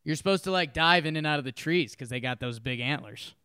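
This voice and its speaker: A man telling a story on a casual podcast, acting out what people said with plenty of laughter. His voice is smooth and resonant, sitting a touch higher than most men's. The sound is dry and close. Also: brisk, no echo. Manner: animated storyteller, acts out quotes, laughs often. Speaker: podcast co-host.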